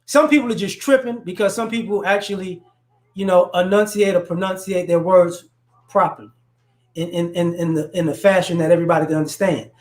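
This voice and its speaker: A man's voice: high voice, steady tone, brisk. A man from New Orleans with a faint New Orleans accent, mixed with Chicago and DC area speech, giving his opinions in a loose, casual chat full of restarts. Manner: loose, conversational, frequent restarts and "you know".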